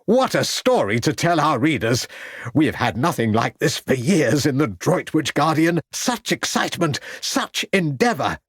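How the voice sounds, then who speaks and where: A man's voice: on the high side, sing-song, moderate pace, husky, no echo, studio quality, pitched above the performer's own voice. A man voicing a pompous, gallant small-town journalist with a formal way of speaking. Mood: jolly.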